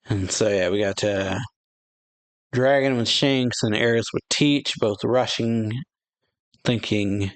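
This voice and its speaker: A man's voice: fairly low pitch, slow pace, long pauses. A man hosting a casual reaction to a comic chapter, reading the panels aloud and narrating them loosely, with frequent chuckles and fillers. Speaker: reaction channel host.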